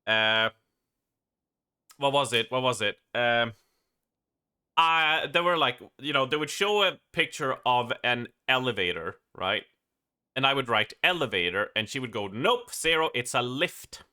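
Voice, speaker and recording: A man's voice: mid-range voice, a little slow, long pauses, pushed and bright, clean tone. A man from Sweden with a Swedish accent, chatting casually on a live gaming stream, laughing often, swearing and restarting his sentences.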